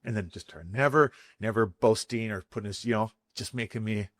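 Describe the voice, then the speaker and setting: Fast-talking man telling stories. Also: lowish voice, a little hiss or hum. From Vancouver, Canada. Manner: animated, fast storyteller who swears freely. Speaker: guest chef. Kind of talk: casual podcast storytelling.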